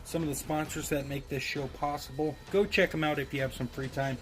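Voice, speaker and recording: A man's voice: fairly high pitch, fairly even intonation, brisk, soft background music. A man giving a casual, rambling review of an action figure to his viewers, with frequent ums and self-deprecating asides. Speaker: toy reviewer.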